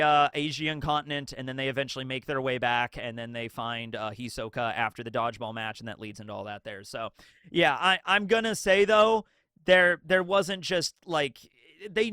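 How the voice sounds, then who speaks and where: A man's voice: a little high, smooth, dry recording, clean studio sound. A man hosting a casual anime commentary video, talking animatedly and acting out characters' lines in his retelling. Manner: animated, acts out quotes, swears casually.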